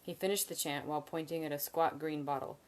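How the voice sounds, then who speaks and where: Woman, low voice, reading a novel aloud, live stream, measured, occasional slips. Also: steady tone. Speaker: reader.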